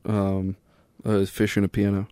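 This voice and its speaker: A man's voice: lowish voice, completely flat delivery, measured pace, warm tone, clean tone, dry recording. A young man co-hosting a podcast, trading casual comedic banter and laughing often. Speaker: podcast co-host.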